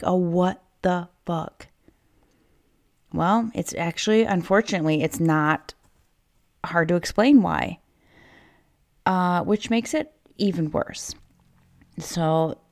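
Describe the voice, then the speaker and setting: A woman's voice: fairly low pitch, darkish tone. A woman hosting a solo podcast, fired up and angry, swearing often and rambling into asides, recorded inside a child's play tent at home. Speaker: podcast host. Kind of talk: casual solo podcast monologue.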